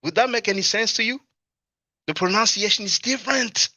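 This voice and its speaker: A man's voice: high voice, fast talker, bright, forceful tone, dry recording, studio quality. A man hosting a casual livestream, laughing often and reading chat comments aloud to answer them. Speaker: livestream host. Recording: dull, lo-fi stream audio.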